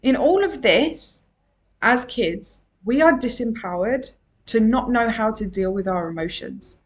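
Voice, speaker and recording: A woman's voice: fairly high pitch, animated, measured pace. A woman and emotional wellbeing coach giving a solo podcast monologue. She talks in an earnest, emphatic way and repeats her key phrases.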